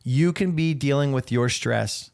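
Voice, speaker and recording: A man's voice: mid-range voice, measured pace, vocal fry, darkish tone. A man co-hosting a podcast, talking earnestly and then joking around, swearing freely. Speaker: podcast co-host. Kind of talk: casual chat.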